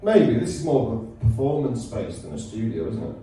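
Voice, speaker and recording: Homme anglais pince-sans-rire, anecdotes décousues, intonation très variée; salle d'enregistrement public très réverbérante, léger bruit de fond. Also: male voice, medium pitch, big pitch swings, brisk, dark tone, slight background noise. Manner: dry teasing humour, rambling anecdotes. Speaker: podcast co-host. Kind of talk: casual live podcast chat. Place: performance space before a live audience. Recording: echoey live room, mic at a distance.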